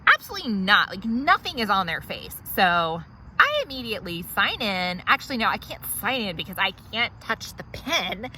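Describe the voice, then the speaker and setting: Entitled complaining woman as an actress plays her, whiny and indignant, bright lively voice, faint background hum. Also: medium pitch, normal speed, poor audio. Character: entitled complaining woman, petty and self-righteous. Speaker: comedic character monologue. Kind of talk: comedy sketch monologue to camera.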